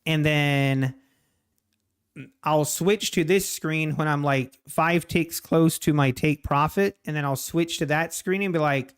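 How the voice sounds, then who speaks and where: A man's voice: on the high side, slow pace, smooth. A man streaming his trading live, talking to the chart and chatting with viewers between laughs.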